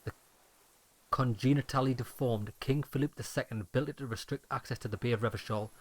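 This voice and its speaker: A man's voice: medium pitch, brisk, dry recording, natural voice. Brief: frail bitter old soldier-deserter, grim and clipped, read by a man in a mid-range voice.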